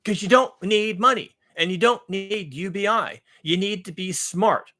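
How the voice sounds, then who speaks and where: A vlogger talks in a rambling, blunt monologue, listing things at length, repeating himself, and swearing now and then. His voice is high-pitched, pushed and bright, and a little slow.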